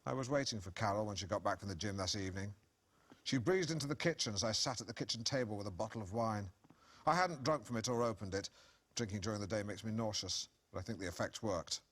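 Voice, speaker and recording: A middle-aged man reads from his own memoir to an audience, his voice sitting a little low. His manner is pompous and pleased with himself, delivered completely deadpan. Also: fast talker. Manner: pompous, self-satisfied, deadpan. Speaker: author at a book reading. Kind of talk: comic reading from his own book, then Q&A.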